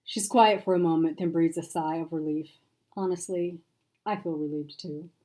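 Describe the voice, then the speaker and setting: A woman author reads her own novel in first person, with a measured, expressive delivery. Her voice is mellow and somewhat low. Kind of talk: first-person audiobook narration.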